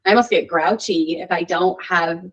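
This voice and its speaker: A woman's voice: fairly low pitch, moderate pace, slightly rough, dull audio. A woman being interviewed on a podcast, telling a story in a chatty way with lots of "like" and "you know". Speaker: podcast guest. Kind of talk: casual interview chat.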